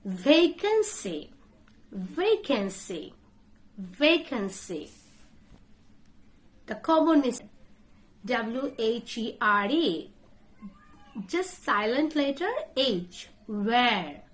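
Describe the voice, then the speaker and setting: A woman's voice: a little high, big pitch swings, drawn-out words, long pauses. A woman teaching English pronunciation. She spells words out letter by letter and repeats each one many times as she corrects common mistakes. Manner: corrects common mispronunciations in short drill phrases. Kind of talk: pronunciation lesson.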